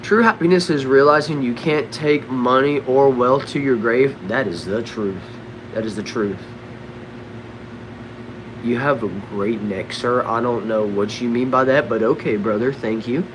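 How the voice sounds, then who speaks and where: Young Southern man, livestream host, casual drawl, mid-range voice, low hum in the room. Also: a little slow. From Texas. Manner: laid-back, drawling, says bro and dude a lot. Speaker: livestream host reading chat. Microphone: desk microphone.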